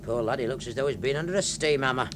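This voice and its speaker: An actor playing a wry, shrewd ship's officer in a radio drama. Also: male voice, mid-range voice, fast, fairly bright tone, slight background noise, lightly acted. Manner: dry and knowing. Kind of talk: 1970s radio drama acting.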